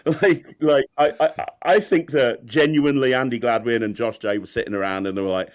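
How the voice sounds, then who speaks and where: A man's voice: fairly high pitch, normal speed, a little hiss or hum. A man, a magician, chatting candidly in an interview, rambling and self-deprecating with frequent laughs. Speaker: magician guest. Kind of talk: candid casual interview chat.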